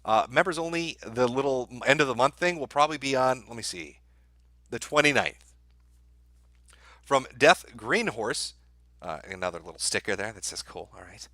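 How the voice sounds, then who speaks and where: A man's voice: medium pitch, expressive, normal speed, sharp tone, no echo. A man hosting a live stream, reading out viewer messages and answering them with sardonic, profane commentary.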